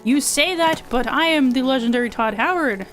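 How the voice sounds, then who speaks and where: A smug male game boss holds forth in a mock-grand, teasing way, as a woman puts him on. The voice sits fairly high. Game music plays clearly behind. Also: normal speed, lightly acted. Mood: boastful.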